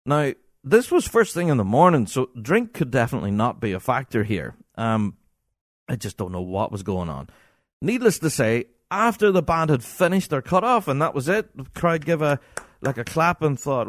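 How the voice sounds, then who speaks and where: A man with a Scottish accent hosting a podcast, telling an exasperated, animated anecdote in casual talk. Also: fairly high pitch, moderate pace, no room sound, clean studio sound. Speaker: podcast host.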